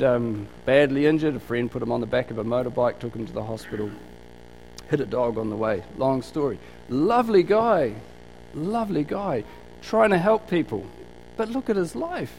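A man's voice: mid-range voice, animated, moderate pace, gravelly, a little mellow, slight background noise, low-quality recording. A man preaching a conversational sermon, telling stories and asking rhetorical questions. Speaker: pastor.

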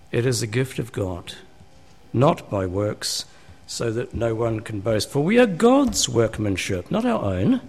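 A man, a pastor preaching a sermon in a church, talking conversationally and asking his listeners rhetorical questions. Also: fairly high pitch.

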